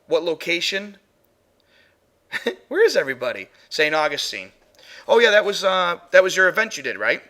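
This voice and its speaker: A man's voice: high-pitched, animated, a little fast, sharp tone. A man hosting a live paranormal stream, chatting casually as he plays and reviews audio clips with his chatroom. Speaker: paranormal show host.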